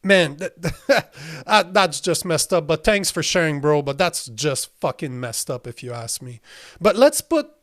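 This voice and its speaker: A man's voice: on the high side, big pitch swings, measured pace, fairly bright tone. Heated profane man ranting on his show. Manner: heated and profane, frequent incredulous laughs. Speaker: podcast host. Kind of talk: livestream commentary reading chat.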